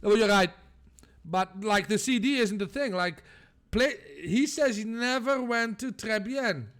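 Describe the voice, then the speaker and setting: A man streaming a game, reading and commenting with animated, laughing, swearing chatter. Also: sits high, unhurried. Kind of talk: gameplay commentary. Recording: background music.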